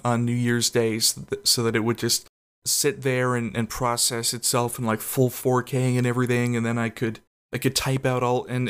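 Brief: male podcast host with a medium-pitched voice, casual, rambling and profane. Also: clear, resonant tone. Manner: rambling, profane, with frequent self-conscious laughs. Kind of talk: casual solo podcast chat.

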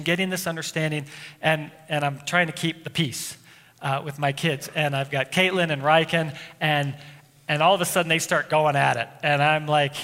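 High bright-voiced pastor in a hall. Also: male voice. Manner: conversational storytelling with restarts. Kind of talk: sermon. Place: church sanctuary. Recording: long hall reverb, faint music.

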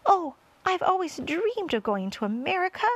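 A woman voicing a chatty, boastful male centipede in a storybook reading, loud and gushing. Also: extremely high pitch, sing-song, normal speed, no echo, highs cut off, voice pushed up, full character voice.

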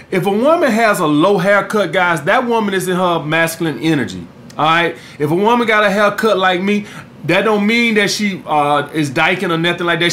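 This man's voice sits high and sounds slightly bright. A dating coach and podcast host, he delivers blunt, profane advice in a monologue, repeatedly addressing listeners with "guys" and "all right?"

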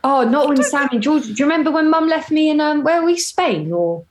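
A woman's voice: sits high, quick pace, roomy sound, a little hiss or hum. A young woman telling family stories in casual chat, acting out what people said. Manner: animated storytelling, acting out quotes.

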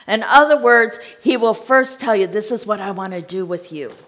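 A woman's voice: medium pitch, moderate pace, fairly bright tone. An American woman preaching a sermon, reading scripture aloud and checking in with her listeners in a conversational way.

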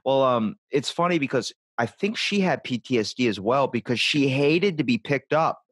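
A man's voice: medium pitch, expressive, normal speed, breathy edge, no room sound. A man hosting a podcast, chatting casually and telling rambling anecdotes, swearing freely as he goes. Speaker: podcast host. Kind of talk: casual conversational chat.

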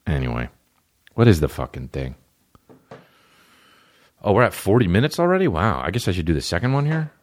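A man's voice: sits low, a little fast, long pauses. A male podcast host ranting through a comedic story, swearing often and acting out the other people's lines. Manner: animated storytelling, profane, acts out voices of others. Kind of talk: solo comedic podcast rant.

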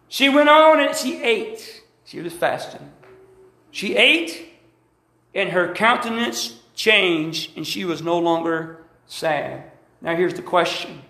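A man's voice: extremely high pitch, animated, unhurried, a bit bright, roomy sound. A man preaching a sermon with emphatic repetition and calls to the congregation. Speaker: pastor. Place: church sanctuary.

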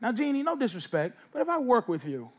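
A man doing loud, teasing stand-up crowd work on a comedy stage. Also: very high voice, big pitch swings, fast talker. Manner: loud, teasing, riffing with the audience. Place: comedy stage before a live audience. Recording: noisy live show with crowd laughter.

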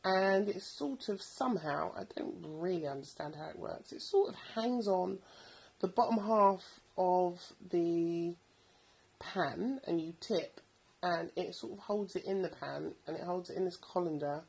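A woman's voice: on the low side, measured pace, gravelly, a little mellow, husky, low-quality recording. A woman in her thirties hosting a podcast, chatting casually about bargain buys and rambling with plenty of ums. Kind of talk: casual product recommendations.

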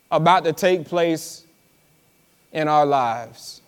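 A pastor preaches in a church, drawing out words, repeating lines for dramatic slow emphasis and talking conversationally to the congregation, telling them to listen. His voice is a little high, lively in intonation and clean in tone. It's a live sermon with hall reverb.

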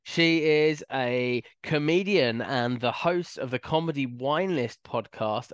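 A man's voice: medium pitch, takes it slowly, few pauses, clear, resonant tone, no echo. Guy in his 40s cohosting a podcast, rambly, pokes fun at himself, dry close mic. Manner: rambling, self-deprecating, trails off. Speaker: podcast co-host. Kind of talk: casual podcast chat.

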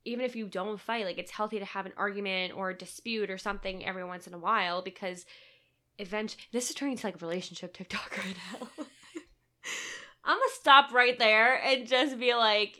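A young woman co-hosting a casual podcast in a bright, clear voice. She rambles from thought to thought and pokes fun at herself as she talks. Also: mid-range voice, a little fast. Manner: rambling, chatty, self-deprecating. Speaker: podcast co-host. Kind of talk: casual chat.

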